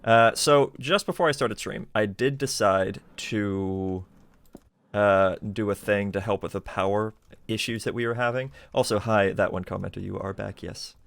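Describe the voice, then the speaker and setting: A man's voice: lowish voice, normal speed, gravelly, no echo. A man streaming a game live, thinking aloud in a chatty way with plenty of fillers. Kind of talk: casual live gameplay commentary.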